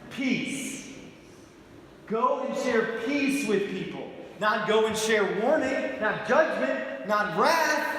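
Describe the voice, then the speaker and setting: His voice high and a touch bright, this pastor delivers a sermon that feels like conversation: he jokes, tells stories and asks the congregation questions. The recording carries some hiss or hum and the long reverb of an echoey church hall.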